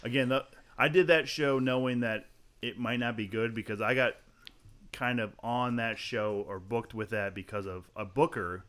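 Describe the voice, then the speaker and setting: A man's voice: medium pitch, moderate pace. A man, a guest comedian, telling a story in a casual podcast chat, swearing freely and acting out the people in it with shifting voices. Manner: animated, acts out quotes in shifting voices.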